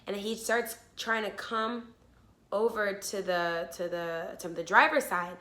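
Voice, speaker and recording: A woman's voice: mid-range voice, measured pace, bright, forceful tone. A young woman vlogger animatedly retelling a frightening story, swearing freely and talking breathlessly. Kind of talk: storytime vlog.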